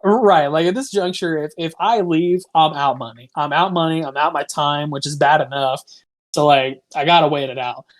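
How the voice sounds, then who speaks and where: A young man co-hosts a podcast, rambling casually through a long story at a moderate pace. His pitch sits fairly high, and he fills the telling with "like" and swears a lot.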